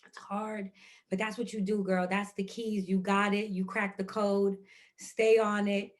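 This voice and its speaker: A woman's voice: medium pitch, flat delivery, normal speed. A woman in casual podcast chat, emotional and emphatic, repeating words of praise and encouragement. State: moved, emotional. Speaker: podcast co-host.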